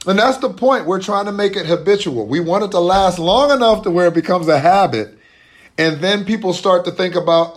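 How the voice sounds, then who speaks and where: A man's voice: high-pitched, animated, moderate pace. A man speaking as an interview guest, earnest and emphatic, with frequent restarts as he makes his points. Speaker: guest, boycott organizer. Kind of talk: conversational interview.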